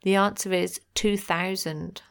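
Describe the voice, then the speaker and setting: A woman's voice: medium pitch, fairly even intonation, unhurried, creaky, clean tone. A woman hosting a podcast and reading out quiz answers in a chatty, playful way with jokey asides. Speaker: podcast host.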